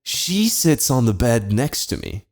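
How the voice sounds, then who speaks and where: A man's voice: mid-range voice, sing-song, measured pace, background noise. A young man on a comedy podcast, casually telling a story, swearing often and laughing.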